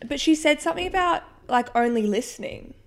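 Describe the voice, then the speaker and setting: A woman's voice: sits high, lively intonation, fairly quick, vocal fry. A young woman co-hosting a podcast in casual chat, talking candidly and throwing in teasing jokes. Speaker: podcast co-host.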